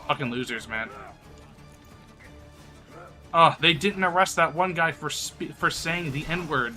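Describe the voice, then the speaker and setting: A man's voice: a little high, moderate pace, bright, forceful tone, soft background music. A sick man streaming live, rambling crudely in casual chat and laughing often.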